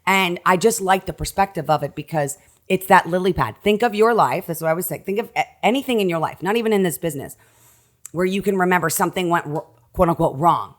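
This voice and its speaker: A woman with a notably low voice chats as a podcast guest. She is expressive, restarts her sentences often and gestures while she talks. She sounds like she is in her thirties. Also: quick pace. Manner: animated, talks with her hands, many restarts. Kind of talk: casual conversation.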